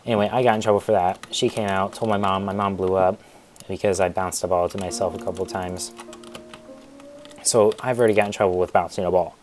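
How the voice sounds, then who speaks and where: A man's voice: sits low, steady tone, fast, noisy background. A young man casually telling a rambling school story in a storytime vlog, digressing and restarting often. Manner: rambling, digressive, self-interrupting.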